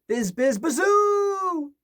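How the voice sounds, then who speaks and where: The howling wind of a storybook storm, as a man acts it out, shrieking in high, loud, drawn-out whooshes. The sound swoops up sharply and takes on a thin, eerie tone. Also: big pitch swings, heavily acted. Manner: shrill drawn-out whooshing cries.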